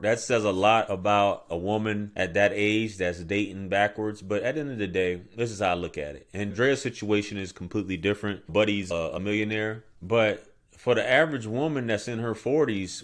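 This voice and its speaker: A man's voice: fairly low pitch, normal speed. A man hosting a reaction show, talking casually to his viewers about clips. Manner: relaxed, conversational, addresses the audience. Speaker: commentary host.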